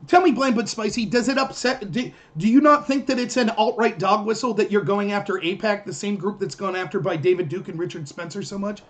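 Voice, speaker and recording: A man's voice: high-pitched, fairly quick, few pauses. A man hosting a political livestream, heatedly and sarcastically answering comments from his chat. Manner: combative, sarcastic, ranting.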